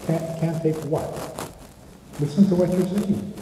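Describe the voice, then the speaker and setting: A man lectures on marriage in a fairly high, animated voice, slipping into the voices of the people in his stories and asking rhetorical questions. The recording is roomy with long hall reverb and clear background noise. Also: a little slow. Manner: acts out quoted speakers, rhetorical questions. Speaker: rabbi giving a talk on marriage. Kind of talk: lecture with storytelling.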